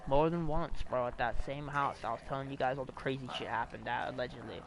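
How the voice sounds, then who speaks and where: A man's voice: mid-range voice, fairly even intonation, fast, vocal fry, crowd noise, poor audio. A young man streaming, telling a ghost story to his chat in a rambling, profane way, full of restarts and fillers. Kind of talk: casual livestream storytelling.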